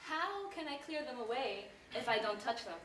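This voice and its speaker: An actress playing a cheeky, sarcastic maidservant in a stage comedy, answering back with teasing. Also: female voice, a little high, lively intonation, moderate pace, fairly bright tone, distant mic, a little hiss or hum. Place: theater stage. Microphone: distant room mic. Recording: echoey theater recorded from afar.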